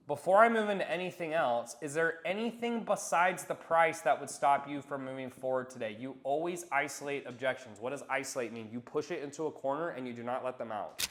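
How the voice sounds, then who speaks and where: A man's voice: mid-range voice, fairly bright tone. A young adult man coaching sales technique in a blunt, casual way, swearing and acting out sales calls.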